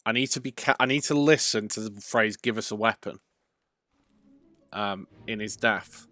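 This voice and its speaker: Bright-voiced man reasoning aloud. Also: fairly low pitch, normal speed, no echo. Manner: thinking aloud, reasoning step by step. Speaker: let's play host. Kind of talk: gameplay commentary.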